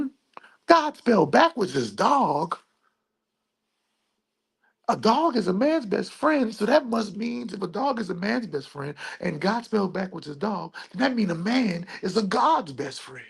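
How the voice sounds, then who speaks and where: Gravelly, husky voice, playful rambling wordplay. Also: mid-range voice, big pitch swings, a little slow. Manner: playful wordplay, rhetorical questions and answers; repeats phrases in a sing-song rhythm. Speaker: spiritual video host. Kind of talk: rambling spiritual monologue.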